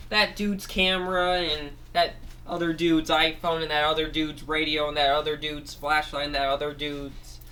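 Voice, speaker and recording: A man telling a rambling, improvised story, correcting himself as he goes and jumping into quick voices for the characters. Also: fairly high pitch, pushed and bright.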